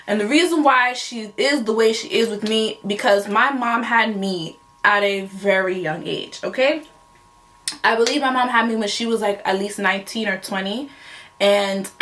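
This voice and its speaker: A young woman vlogger tells a story in a casual, slangy way, often laughing as she goes. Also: mid-range voice. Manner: animated, laughing, slangy retelling.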